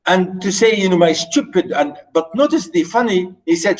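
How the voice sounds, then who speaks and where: This is a middle-aged man lecturing on a novel in an online class. His first language is Arabic, and his voice sits slightly high for a man. He stumbles through fillers and repeats words as he explains. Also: lively intonation, rough recording. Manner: halting, many fillers and repeats. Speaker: literature lecturer.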